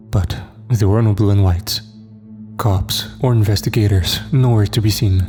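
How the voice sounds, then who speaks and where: Low, dark-voiced man narrating horror. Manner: measured, tense first-person storytelling.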